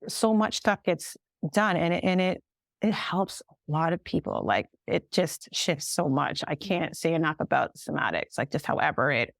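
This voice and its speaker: A woman therapist talking as a podcast guest, animated and free-flowing with many fillers. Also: deep voice, vocal fry, no echo, clean studio sound. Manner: animated, fast-flowing, many fillers, acts out clients' words. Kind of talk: casual interview chat.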